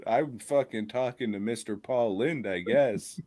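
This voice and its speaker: A man's voice: mid-range voice, unhurried, a little mellow. A man co-hosting a casual comedy podcast, ranting in a profane, mock-angry way. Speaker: podcast co-host.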